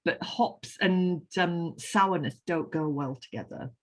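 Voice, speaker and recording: A woman with a Northern English accent, a beer writer chatting casually and explaining with lively enthusiasm. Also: fairly low pitch, slow pace. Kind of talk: casual chat.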